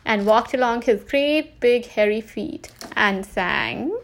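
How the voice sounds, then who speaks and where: A woman reading aloud, voicing a gentle father zebra telling a bedtime tale. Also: a little high, slow. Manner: gentle, sings softly.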